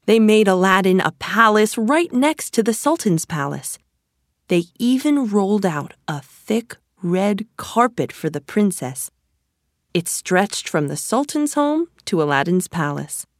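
Woman narrator, storybook reading, very slow pace, dry close sound. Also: medium pitch, lively intonation, no room sound.

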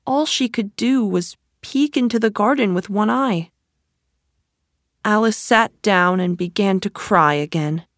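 A woman reading a children's story aloud in a gentle, deliberate storytelling manner. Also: medium pitch, no room sound, clean studio sound. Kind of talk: slow storybook narration.

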